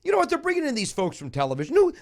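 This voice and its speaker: A man hosting a comedy podcast talks quickly, his pitch leaping up and down as he rambles. He slips into mock rants and crude jokes, then rattles off plugs in quick patter. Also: wildly swooping pitch. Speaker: podcast host.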